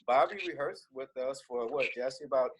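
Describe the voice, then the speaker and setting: A man, a singer in a vocal group, telling a lively story on a video call. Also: medium pitch, moderate pace, a little hiss or hum, rough recording. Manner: animated, laughing storyteller.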